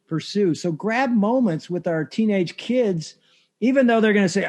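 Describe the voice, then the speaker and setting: An older man with a fairly high voice for a man talks with earnest emphasis. He leans on words and repeats them to drive a point home. His delivery sounds like a pastor used to speaking. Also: lively intonation, brisk, a little mellow. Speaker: podcast guest, pastor. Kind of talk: interview conversation.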